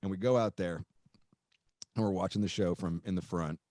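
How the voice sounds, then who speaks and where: Swearing freely and performing the voices of the characters, a podcast-hosting guitarist spins a lively, casual road story. He speaks at a moderate pace in a low-pitched voice, with studio-quality sound and no echo.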